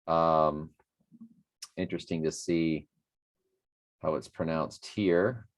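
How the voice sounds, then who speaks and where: Low-voiced man reading scripture casually. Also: steady tone, slow pace. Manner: rambling, self-correcting, reads scripture aloud. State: a bit winded after a workout. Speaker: Bible study host. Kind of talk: casual Bible reading and commentary.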